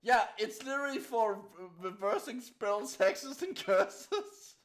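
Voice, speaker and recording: Young guy on a podcast, high voice that jumps around, dry jokes and cursing. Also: big pitch swings, slow pace, a crowd in the background. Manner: wry, swearing, reads aloud with restarts. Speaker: podcast co-host. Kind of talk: casual comedic podcast chat.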